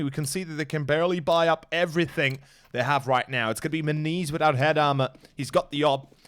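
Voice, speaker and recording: A young Slovenian esports commentator, speaking English with a Slovenian accent as a non-native speaker, handles solo play-by-play. Pitch and volume spike sharply in action moments, and between plays he chats with his viewers.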